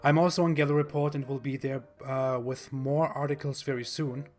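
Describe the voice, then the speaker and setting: A man with a German accent hosting a video, talking in a blunt, mocking monologue with pauses and fillers. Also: mid-range voice, flat delivery, a little mellow, faint music behind. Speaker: video host.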